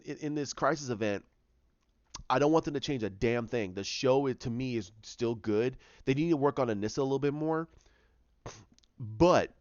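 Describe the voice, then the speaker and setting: Animated man sharing TV opinions. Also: medium pitch, dry recording, lo-fi sound. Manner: animated, opinionated, repeats words often. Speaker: TV show reviewer. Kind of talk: casual opinion vlog.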